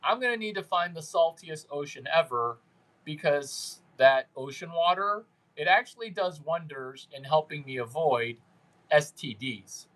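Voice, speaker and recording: A man with a somewhat high voice hosts a livestream, talking to his viewers in an unhurried, drawn-out way. He rambles, teases and jokes crudely, now and then mimicking the people he talks to. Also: fairly bright tone, low-quality recording. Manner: brash, rambling, crude, mocking. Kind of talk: unscripted livestream chat with viewers.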